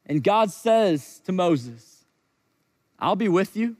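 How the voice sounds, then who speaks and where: A man preaching a sermon, animated and acting out quoted voices as he speaks. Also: high voice, slow pace, in a large hall. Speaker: pastor.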